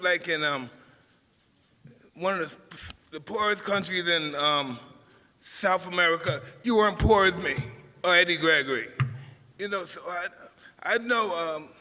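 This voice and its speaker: A man's voice: high-pitched, sharp tone, in a large hall. A man in his fifties telling a rambling, emotional story live, often stopping and restarting mid-sentence. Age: 50s. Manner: rambling, emotional, self-interrupting.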